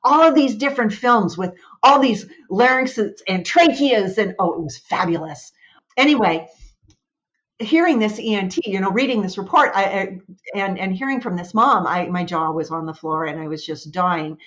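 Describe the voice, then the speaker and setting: A woman's voice: medium pitch, normal speed. Middle-aged woman guest on dull audio. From United States. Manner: animated storyteller. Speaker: guest speech-language pathologist. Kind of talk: casual interview chat.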